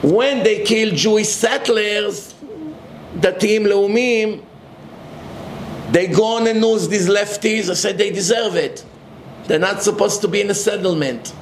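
A man's voice: high voice, unhurried, echoey room, a little hiss or hum. A man giving a religious lecture, emphatic and full of rhetorical questions.

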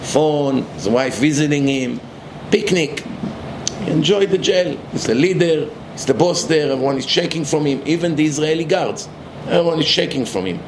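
Male religious lecturer, raised pitch, emphatic, rhetorical; echoey room with faint ambience. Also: moderate pace, noisy background.

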